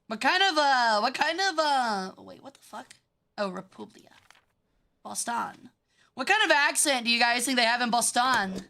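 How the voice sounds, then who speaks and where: A woman streaming a game with casual commentary. She sounds bratty, swears freely and reacts fast. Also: a little high, animated, vocal fry, bright, forceful tone.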